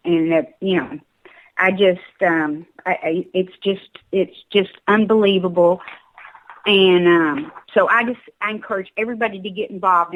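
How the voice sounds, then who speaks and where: A woman's voice: lowish voice, narrow, tinny audio. A woman with a Southern US accent calling in to a talk show. She urges listeners emphatically and often stumbles and repeats her words.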